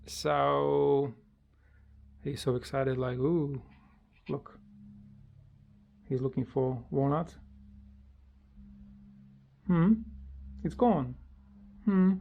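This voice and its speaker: A parrot owner at home, talking casually with many fillers and restarts in non-native English grammar, and cooing high at the bird. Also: fairly even intonation, extremely slow, creaky, long pauses, a little mellow, slight background noise. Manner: coos in a high sing-song voice when talking to the bird. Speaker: parrot owner showing a homemade bird playground. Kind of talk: casual home video chat.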